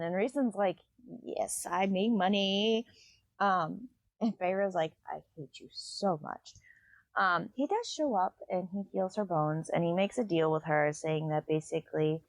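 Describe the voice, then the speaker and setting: A woman's voice: fairly low pitch, dry recording. Woman podcast host, casual book recap, chatty and loose, dry close sound. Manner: chatty, loose, with many fillers.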